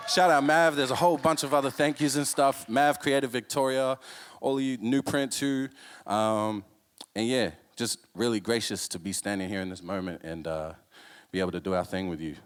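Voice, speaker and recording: A man's voice: mid-range voice, steady tone, normal speed, smooth. A man on a live event stage, rapping and talking to the crowd in a casual, thankful way. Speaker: rapper and event organizer. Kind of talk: live stage talk and rap performance. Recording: live venue with loud music. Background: loud hip hop music.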